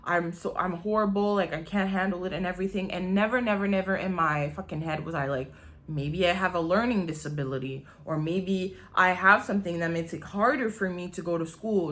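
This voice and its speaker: This woman in her 20s has a mid-range, slightly bright voice. She's a vlogger telling her own story in a candid, rambling way, swearing freely and saying "like" constantly, in casual confessional storytelling.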